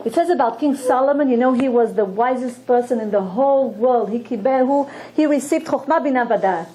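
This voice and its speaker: A woman teaching a Torah lesson, explaining slowly and earnestly with many restarts and repeated words. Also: sits high, mellow, low-quality recording. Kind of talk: religious lesson with storytelling.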